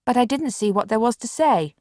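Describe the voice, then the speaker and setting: A woman's voice: a little high, expressive, brisk, dark tone, no echo, voice pushed up, close to an everyday voice. A curt, grudging bedridden boy, as a woman reader puts him on, with exasperated patience in his tone. He sounds close and dry, in a voice a little above a typical woman's. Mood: impatient. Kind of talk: audiobook character reading.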